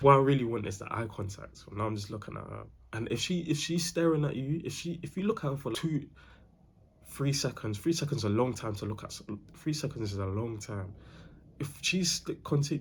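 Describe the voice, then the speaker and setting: A man's voice: fairly low pitch, a little mellow, breathy edge. A young man giving casual dating advice, slangy and repetitive, calling the listener bro. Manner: slangy, repeats himself, calls the viewer bro.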